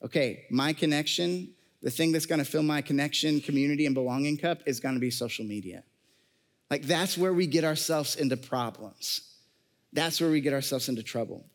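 A man's voice: fairly high pitch, a little fast, in a large hall. Chatty man preaching with a raised voice. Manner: conversational, joking asides, frequent fillers. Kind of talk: sermon to a live congregation.

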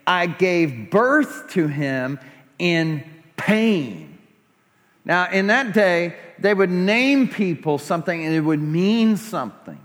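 A man's voice: high-pitched, a bit bright. A man preaching a sermon to a congregation, passionate and pleading as he builds to fervent prayer. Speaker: pastor. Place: church sanctuary. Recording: long hall reverb.

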